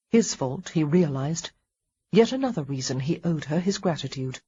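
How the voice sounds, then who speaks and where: A woman narrating a historical romance audiobook in a calm, even storytelling manner. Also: low-pitched, moderate pace, breathy edge, dull audio. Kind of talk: scripted narration.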